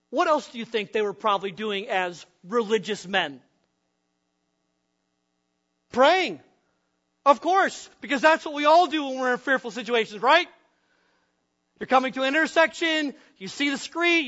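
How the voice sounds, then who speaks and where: A pastor from the upper Midwest preaching a sermon, asking the congregation questions and acting out the voices of frightened men. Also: male voice, very high-pitched, pushed and bright, highs cut off.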